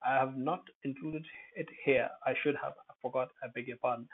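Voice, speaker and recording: Man, pronunciation teacher, rambling lesson, lots of pauses and fillers, mid-pitched voice, tinny phone-like sound. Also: steady tone, breathy edge. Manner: digressive, with many pauses and fillers.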